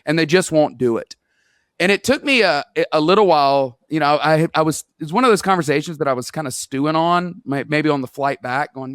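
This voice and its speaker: A man's voice: fairly high pitch, a little fast, fairly bright tone, smooth, no room sound, clean studio sound. A man guesting on an interview podcast, an earnest storyteller who acts out quoted dialogue as he makes his points. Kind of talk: conversational interview.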